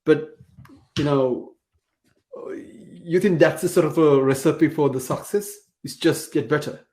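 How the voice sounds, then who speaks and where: A man's voice: fairly high pitch, a little slow, dark tone. A man hosting a webinar, hesitant and full of fillers, reading out audience questions. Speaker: webinar host. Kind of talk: webinar moderation.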